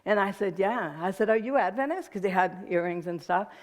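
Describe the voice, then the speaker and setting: An American woman giving a personal testimony to an audience, animated and emotional, laughing often and restarting her sentences. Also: on the low side, moderate pace. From United States. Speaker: guest speaker.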